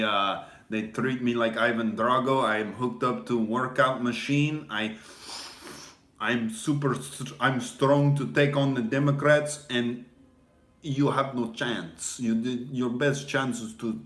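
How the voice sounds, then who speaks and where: A man's voice: medium pitch, fairly bright tone. A man playing a boastful male Russian agent posing as a defector, speaking broken English in a put-on Russian accent. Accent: fake Russian. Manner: broken English, swaggering and gloating. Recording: echoey room.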